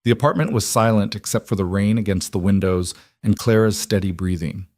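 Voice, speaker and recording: A man reading a scripted story in an even, measured way. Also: lowish voice, no room sound, studio quality. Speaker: narrator. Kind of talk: scripted narration.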